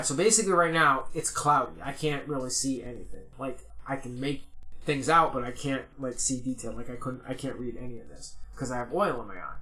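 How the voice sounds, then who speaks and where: A man's voice: mid-range voice, bright, forceful tone. A young man who is a podcast guest, chatting casually and rambling with lots of "like" and restarts. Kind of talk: casual chat.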